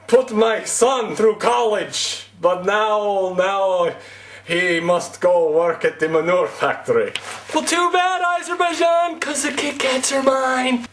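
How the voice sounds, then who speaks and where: A man's voice: high voice, a little mellow, voice pushed up, close to an everyday voice. A man putting on a comic, exaggerated foreign accent as a poor father lamenting his luck. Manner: exaggerated, plaintive, then gloating.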